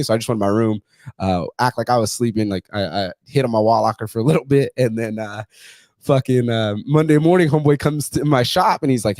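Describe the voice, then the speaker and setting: A podcast host tells stories in a casual, blunt chat, swearing constantly and acting out other people's voices. His mid-range voice moves fairly quickly and sounds a little mellow, in a dry recording.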